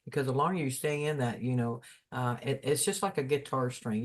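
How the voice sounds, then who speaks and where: A man speaking in a casual fireside chat as a spiritual guest, telling stories in a folksy, rambling way. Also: mid-range voice.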